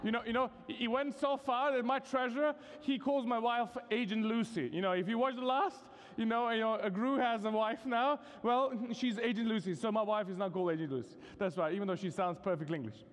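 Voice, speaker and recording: Brisk and barely pausing, a Serbian man with a very high voice preaches as the guest at a university vespers service. His accent is Serbian, his style conversational and humorous with many fillers, and the large chapel hall rings with long reverb.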